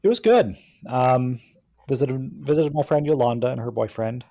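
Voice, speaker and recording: Mellow-voiced man in casual podcast chat. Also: mid-range voice, lively intonation, normal speed, vocal fry. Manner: rambling, hesitant storyteller with many fillers. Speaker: podcast co-host.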